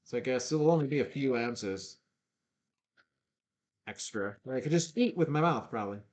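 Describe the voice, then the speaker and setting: A man's voice: medium pitch, expressive, normal speed, a little mellow. A man chatting casually while cooking on a live stream, rambling and joking at himself as he answers viewers. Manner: rambling, self-mocking, chats with viewers. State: stuffy nose.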